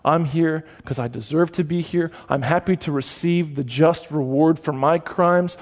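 A male preacher voicing a humble, repentant thief who speaks earnestly and quietly. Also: fairly high pitch, moderate pace, big-room sound, lightly acted. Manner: hushed, earnest.

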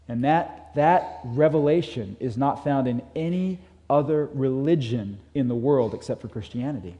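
A man's voice: medium pitch, moderate pace, hardly any pauses. Earnest male preacher in a reverberant hall. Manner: earnest, builds up then drops to soft emphasis. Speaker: pastor. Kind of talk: sermon.

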